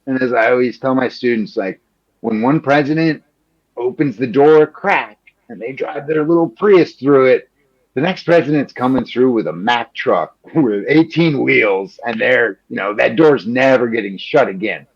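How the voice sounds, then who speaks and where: A male journalist from Chicago talking in a lively, quick, conversational rush, dropping "like" everywhere and slipping into voices when quoting people. The audio is a little muffled and lo-fi. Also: mid-range voice, husky. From Chicago, Illinois. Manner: animated, quick, peppered with "like", acts out quoted politicians. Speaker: journalist guest. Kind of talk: conversational interview answers.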